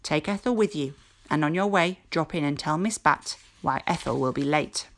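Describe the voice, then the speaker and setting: A woman's voice: low-pitched, normal speed. Woman reading as a cold, stern witch schoolmistress. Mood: dry. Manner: cold, clipped, weary.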